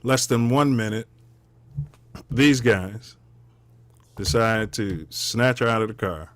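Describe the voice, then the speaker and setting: A man hosting a talk show, explaining a video clip with measured, indignant commentary. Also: lowish voice, no echo. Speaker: show host.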